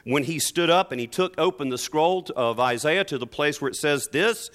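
A man preaching a sermon, moving between soft explanation and emphatic stresses. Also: on the high side, animated, moderate pace. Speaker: pastor.

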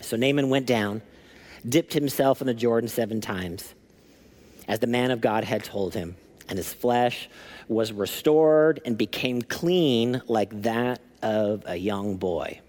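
A man preaching a sermon as lead pastor, telling a story in a lively, animated way. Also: medium pitch, slow pace. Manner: animated storytelling, acting out scripture.

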